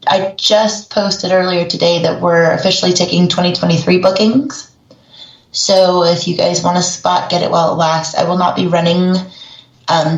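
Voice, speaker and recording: A woman chatting casually as a co-host who runs a haunted asylum, bubbly and cursing freely. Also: lowish voice. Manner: bubbly, swears freely, laughs often. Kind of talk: casual podcast chat. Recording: roomy, dull lo-fi call audio.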